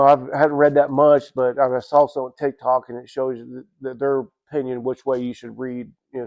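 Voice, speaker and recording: A man with a gravelly, flat-toned voice shares his personal testimony in a church. He rambles and restarts often, speaking in a loose, everyday way. The recording sounds dull and lo-fi. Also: medium pitch. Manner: rambling, halting storytelling with many restarts; casual, repeats "you know what I'm saying". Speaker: church member giving testimony.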